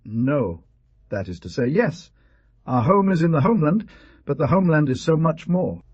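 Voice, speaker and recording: A man's voice: a little high, big pitch swings, moderate pace, a little mellow, breathy edge, no room sound, voice pushed up. Man voicing an earnest, grave father. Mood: earnest explaining. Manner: emphatic, grave, explaining. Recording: dull, dry lo-fi recording.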